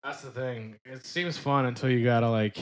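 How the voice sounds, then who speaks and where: A man's voice: mid-range voice, steady tone, moderate pace. A young man co-hosting a podcast, chatting casually with blunt, dry remarks and plenty of swearing. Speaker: podcast co-host. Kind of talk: casual chat.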